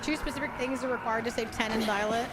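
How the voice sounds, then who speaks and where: A woman's voice: a little high, steady tone, fast talker, heavy background noise. A young adult woman streaming a game, talking casually with chat, swearing and laughing in exasperation between affectionate greetings. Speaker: VTuber streamer.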